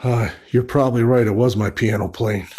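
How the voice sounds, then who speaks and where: A man investigating an old house alone, talking in a hushed, startled way and asking questions of spirits. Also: medium pitch, fairly even intonation, a little fast, background noise. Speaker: paranormal investigator. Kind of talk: solo ghost-hunting commentary.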